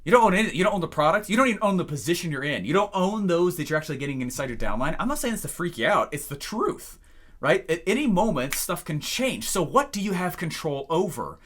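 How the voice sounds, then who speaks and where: A young male business coach with a bright, ringing voice. He tells stories with a lot of energy and acts out the phone calls as he goes. His pitch swings widely up and down. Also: quick pace. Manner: animated storyteller who acts out phone calls. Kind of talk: energetic talking-head lesson.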